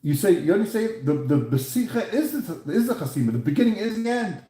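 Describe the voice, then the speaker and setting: A man's voice: sits high, big pitch swings, fairly quick, dark tone, echoey room. A man teaching a Talmud lesson, asking questions and answering them himself, with Hebrew and Aramaic terms mixed into his English. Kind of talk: Talmud lecture.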